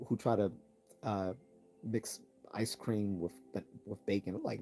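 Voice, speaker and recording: Guy with a lowish voice doing a chill live-stream q&a, laughs a lot, voice going a bit hoarse. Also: a little slow. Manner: relaxed, laughs often, repeats words when starting. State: losing his voice. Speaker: live-stream host answering chat.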